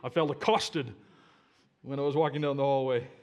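A male pastor preaching a sermon to his congregation, swinging from loud, emphatic calls to low, quiet asides. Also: steady tone, normal speed. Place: church sanctuary with a live congregation.

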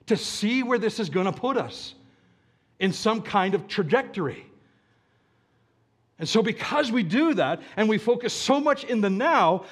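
A man preaching a sermon, often asking his listeners questions and stressing words slowly. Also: high-pitched. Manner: asks the audience questions, slow deliberate emphasis. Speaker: pastor.

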